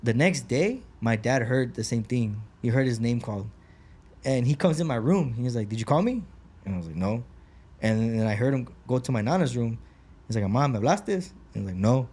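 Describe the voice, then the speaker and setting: A man's voice: medium pitch, animated, brisk, a little mellow, husky. A man co-hosting a podcast, chatting casually and telling a story, peppering it with "like," "bro" and swearing. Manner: swears freely, lots of "like" and "bro". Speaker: podcast co-host.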